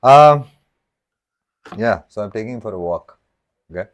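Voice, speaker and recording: A man's voice: on the low side, lively intonation, a little slow. A man hosting a casual live stream while he cooks, rambling and joking and often cutting himself off mid-sentence. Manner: rambling, self-interrupting, jokey.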